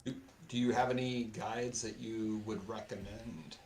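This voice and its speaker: A man playing a tabletop game, asking quick questions. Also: fairly low pitch, fairly even intonation, a little mellow, roomy sound, slight background noise. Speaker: player. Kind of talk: casual chat at a game table.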